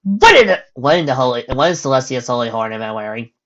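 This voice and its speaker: A brash tomboyish young pegasus mare, forceful and loyal, speaking up high and loud, as a reader acts her out. It is a pony storybook reading. The recording is muffled and lo-fi. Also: big pitch swings, fast. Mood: indignant. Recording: dull lo-fi recording.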